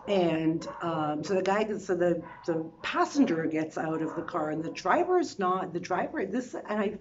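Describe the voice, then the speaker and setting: Woman telling a travel story, lively asides. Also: lowish voice, dull audio, noisy background. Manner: animated, restarts and quick asides. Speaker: travel vlogger. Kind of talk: casual storytelling.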